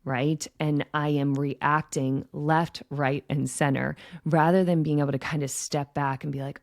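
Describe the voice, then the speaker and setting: A woman hosting a podcast, calmly teaching in a gentle, reflective monologue that often checks in with "right?". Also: deep voice, measured pace, hardly any pauses, no echo, clean studio sound. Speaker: podcast host and intuition coach.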